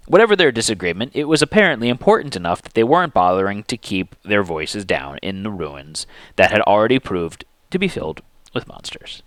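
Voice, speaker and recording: A man narrating a fantasy story aloud in an expressive, animated dramatic reading. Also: on the low side, no room sound.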